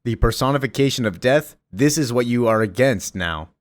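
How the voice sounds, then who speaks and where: A man's voice: medium pitch, animated, normal speed, dry recording, close to an everyday voice. An aloof cosmic sage, cryptic and curt, handing out orders and refusing to explain, as a guy reads him in his own voice. the delivery stays close to the speaker's everyday talk. the sound is close and dry. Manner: curt, commanding.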